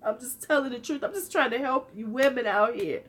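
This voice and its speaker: This vlogger, a woman in her fifties, has a rather high, fairly bright voice that carries a slight worn-out quality, and she speaks a little fast. On her casual livestream she chats with viewers candidly, with plenty of sass and jokes.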